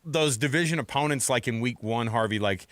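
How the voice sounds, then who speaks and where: A man's voice: mid-range voice, a little fast, fairly bright tone, dry recording. A man hosting a sports radio show, talking enthusiastically and rambling, with frequent restarts, into a studio microphone. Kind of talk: casual sports radio chat.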